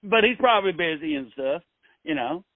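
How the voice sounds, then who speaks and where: A man's voice: high-pitched, lively intonation, normal speed, creaky, no room sound, phone-quality sound. A male host, rambling in a folksy, joking way through a casual interview. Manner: rambling, folksy, restarts a lot.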